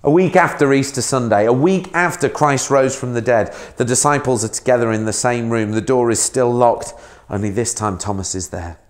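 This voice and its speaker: A man's voice: medium pitch, normal speed, hardly any pauses. A man, a minister giving a sermon in a conversational way, asking the listener questions.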